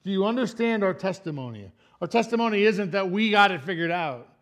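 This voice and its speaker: A pastor giving a sermon in a church, throwing out questions to the congregation and acting out the people in the story, swinging from loud emphatic lines down to soft, low asides. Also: male voice, expressive, brisk. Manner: acts out voices of people in the story.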